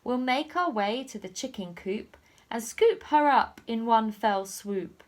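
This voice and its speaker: A woman's voice: on the high side, expressive, measured pace, a little mellow. A woman voicing a scheming burly male crook in a children's storybook reading.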